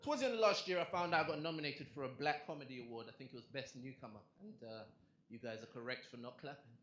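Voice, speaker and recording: A young man doing a stand-up comedy set, chatty and animated, asking the crowd questions on a club stage. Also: mid-range voice, fast talker. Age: young adult. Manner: conversational, animated punchlines, asks the crowd questions. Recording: echoey club with crowd noise.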